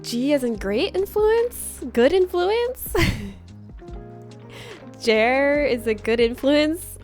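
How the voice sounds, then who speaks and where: A woman's voice: sits high, very animated, drawn-out words, a little mellow, faint music behind. A woman hosting a casual livestream from a room at home, reading out viewer comments in a playful, teasing way and laughing often. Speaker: livestream host.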